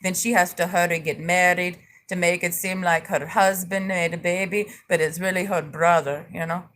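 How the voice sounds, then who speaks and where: A woman's voice: lowish voice, steady tone, normal speed, a bit bright, a little hiss or hum. A woman hosting a livestream, reading and mocking viewer comments in a taunting way, now and then breaking into sung snippets. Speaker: livestream host.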